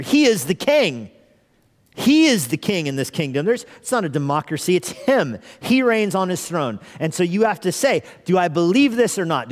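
A man preaching a conversational sermon as pastor, earnestly asking the congregation rhetorical questions and repeating phrases for emphasis. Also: on the high side. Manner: repeats phrases for emphasis, chuckles now and then. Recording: long hall reverb in a church.

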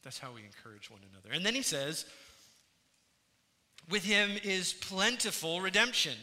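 High, bright-voiced man preaching in a hall. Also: big pitch swings, normal speed. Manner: earnest preaching, swinging from hushed to emphatic. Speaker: pastor. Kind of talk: sermon. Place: church sanctuary. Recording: reverberant hall sound.

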